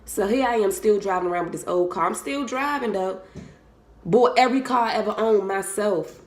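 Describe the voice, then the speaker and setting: A woman's voice: mid-range voice, normal speed. A young woman talking candidly and bluntly to her viewers, swearing freely and speaking from the heart. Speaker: vlogger. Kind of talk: candid motivational talk to camera. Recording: roomy echo.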